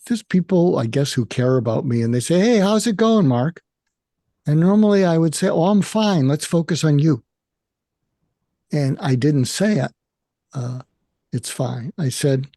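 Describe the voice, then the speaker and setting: An older man with an American accent, a psychiatrist speaking candidly and haltingly about his own feelings in an interview. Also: fairly high pitch, mellow, dry recording, studio quality. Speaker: guest, psychiatrist. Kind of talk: emotional personal conversation.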